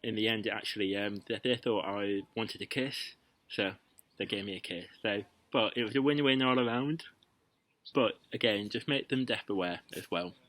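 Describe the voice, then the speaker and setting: A young male vlogger with a lowish, fairly bright voice gives casual, playful dating tips to the camera at a normal speed. He's chatty, full of ums and restarts, and the low-quality recording has no room sound.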